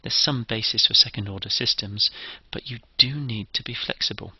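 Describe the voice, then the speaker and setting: A man's voice: mid-range voice, normal speed, pushed and bright, breathy edge, no echo, lo-fi sound. A man giving a methodical, step-by-step engineering lecture.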